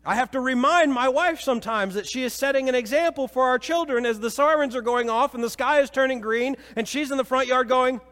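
Preacher guy from missouri, high voice, church echo, gets all fired up then drops real low and serious. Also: brisk, hardly any pauses. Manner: storytelling preacher, swings from excited to low and solemn. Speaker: pastor. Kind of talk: sermon. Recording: reverberant church hall.

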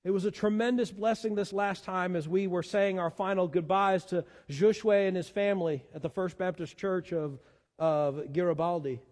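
A man's voice: high voice, steady tone, moderate pace, a little mellow, long reverb tail. A man preaching a sermon as pastor, earnest and given to repeating words as he searches for the next one. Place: church sanctuary.

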